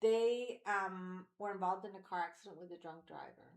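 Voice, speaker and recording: At a normal pace and mid-range pitch, a woman in her forties co-hosts a podcast, drifting through candid personal anecdotes full of fillers and quoted voices. The recording has a roomy quality.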